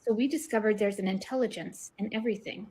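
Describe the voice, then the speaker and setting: A woman's voice: mid-range voice, fast, darkish tone. Woman talking earnestly about her theories, medium voice, leans into the big points. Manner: earnest, explaining ideas with rising emphasis. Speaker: guest researcher. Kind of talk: casual online discussion.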